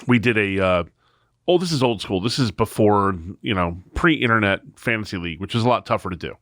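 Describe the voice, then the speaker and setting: A man's voice: on the low side, lively intonation, fairly quick, a bit bright, dry recording, studio quality. A man co-hosting a podcast, telling rambling anecdotes in casual chat. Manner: rambling storyteller. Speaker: podcast co-host.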